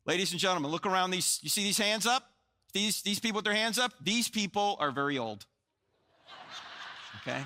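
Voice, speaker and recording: Lively bright-voiced man in his sixties lecturing. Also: sits high, brisk, long pauses. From New Jersey, USA. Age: 60s. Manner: animated storyteller, jokey asides, acts out dialogue. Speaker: Christian apologetics speaker. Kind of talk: live lecture to an audience. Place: large hall with live audience. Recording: long hall reverb.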